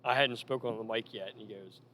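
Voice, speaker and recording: A man telling stories casually about managing in wrestling, animated and full of quoted lines. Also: on the low side, fast, slight background noise. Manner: animated anecdotes with acted quotes. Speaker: former wrestling manager, guest. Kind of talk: casual storytelling.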